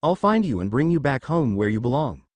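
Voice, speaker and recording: A man voicing a lonely young boy making a quiet, determined vow to himself, in a fan fiction story reading. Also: medium pitch, very animated, a little fast, no room sound. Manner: quiet, resolute inner vow.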